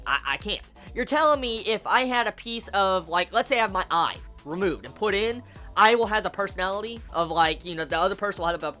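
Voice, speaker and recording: Woman anime reviewer with a bright, forceful voice. Animated and exasperated, heavy swearing, frequent restarts. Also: medium pitch. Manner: profane, exasperated, stumbles and repeats words. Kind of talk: ranting episode review.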